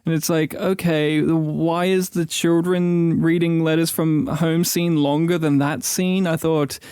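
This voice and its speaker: A man co-hosting a podcast, chatting casually with lots of fillers and quick asides. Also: a little high, little pitch movement, darkish tone, smooth, no echo. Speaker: podcast co-host. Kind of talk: casual chat.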